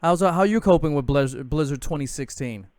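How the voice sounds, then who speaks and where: Young guy hosting a sports call-in, jokey and chatty, kinda high voice, dry sound. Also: animated, a little fast, a little mellow, no echo. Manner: joking, laughs often, chatty. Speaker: host. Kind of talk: casual sports call-in show.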